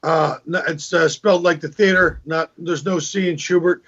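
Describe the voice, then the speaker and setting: Male comic guest, higher voice, husky, muffled call audio. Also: fairly even intonation, normal speed, a bit bright. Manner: storytelling, acts out joke voices, repeats words. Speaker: guest comedian. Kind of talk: casual video call interview. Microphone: video call. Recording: dull lo-fi video call audio.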